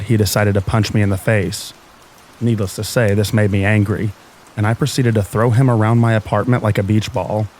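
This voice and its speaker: Male narrator, lower voice, calm and even, scary bedtime stories, soft rain hiss underneath.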